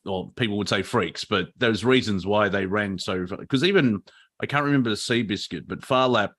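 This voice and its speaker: A man's voice: fairly low pitch, normal speed, a bit bright. A man, co-hosting a comedy chat on a video call and telling rambling jokes and stories. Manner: rambling, joking storyteller. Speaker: comedian co-host.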